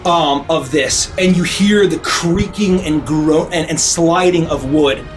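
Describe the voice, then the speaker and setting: A man running a tabletop game as dungeon master, his voice sitting a touch high. He narrates vividly, stumbling over fillers as he builds the scene, with music underneath. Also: slow pace.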